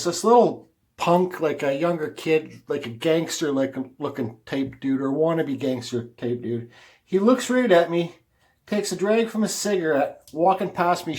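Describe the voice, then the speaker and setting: A middle-aged man with a rather high-pitched voice talks straight to his viewers. His telling is loose and conversational, full of restarts and repeated phrases. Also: darkish tone. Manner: rambling, conversational, repeats words while telling a story. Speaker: woodcarving vlogger. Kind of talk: casual talk to camera, personal storytelling.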